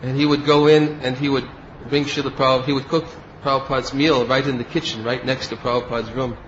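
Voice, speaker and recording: A man's voice: medium pitch, level tone, fast, dull audio, slight background noise. A man giving a devotional lecture as a spiritual teacher, telling stories and acting out the quoted speech of the people in them. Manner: storytelling, acts out quoted speech.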